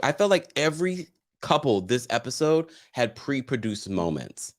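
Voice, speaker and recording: Animated man recapping reality TV. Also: medium pitch, normal speed. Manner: animated, chatty, reads viewer comments aloud and laughs often. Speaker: host. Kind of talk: casual reality TV recap livestream.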